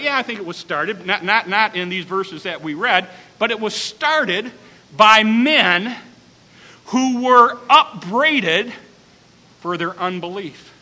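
Pastor preaching emphatically, very high bright voice, long reverb of a church hall. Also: male voice, a little hiss or hum. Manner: emphatic, dramatic repetition, bursts to shouting. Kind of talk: sermon.

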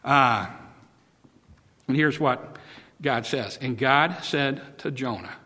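A man preaching a sermon in a folksy, halting way, acting out voices with repeated words. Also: medium pitch, bright, forceful tone. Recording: long hall reverb.

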